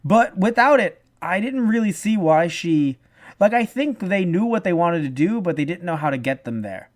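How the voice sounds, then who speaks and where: A man's voice: high-pitched, lively intonation, moderate pace. A man co-hosting a casual review podcast, his medium voice rising and falling a lot as he acts out the lines he quotes. He swears freely and keeps restarting his thoughts. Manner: profane. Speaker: podcast co-host.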